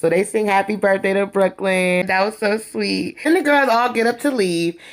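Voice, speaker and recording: A woman casually recapping a reality TV episode, gossipy and animated, breaking into laughs as she acts out what the cast said. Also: mid-range voice, normal speed.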